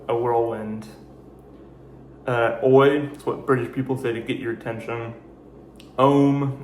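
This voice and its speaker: A man hosting a casual video explainer, giving deadpan definitions with jokey asides. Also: mid-range voice, roomy sound, a little hiss or hum. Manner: dry, jokey asides between slow definitions. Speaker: video host. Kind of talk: casual explainer reading a word list.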